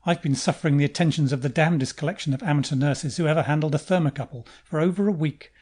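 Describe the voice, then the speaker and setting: Male reader playing an irritable wry crewman, audiobook dialogue, slightly high. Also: expressive, normal speed, dark tone, slightly rough. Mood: testy. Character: injured male crew mate, irritable and wry.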